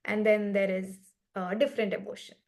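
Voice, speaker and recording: A woman guides a meditation session on a video call, telling a story at an unhurried, thoughtful pace. Her voice sits in a middle register, and she keeps the talk loose and conversational, often stopping to ask "right?". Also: medium pitch, flat delivery. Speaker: meditation facilitator.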